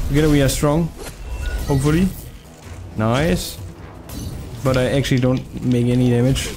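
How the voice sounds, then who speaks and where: A man giving excitable gameplay commentary, swearing and laughing as he plays. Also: medium pitch, normal speed, long pauses, music in the background. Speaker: gaming YouTuber.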